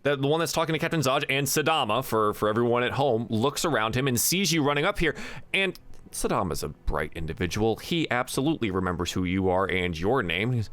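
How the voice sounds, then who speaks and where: A man's voice: mid-range voice, brisk. Chatty male dungeon master. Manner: relaxed, chatty, with frequent fillers. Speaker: game master. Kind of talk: narrating a tabletop game.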